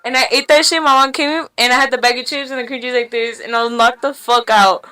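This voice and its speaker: A young podcast guest tells stories fast and animatedly, full of slang, swearing, and laughter. Her bright voice is pitched a little high, and she speaks into a podcast mic in a small room for this casual storytelling.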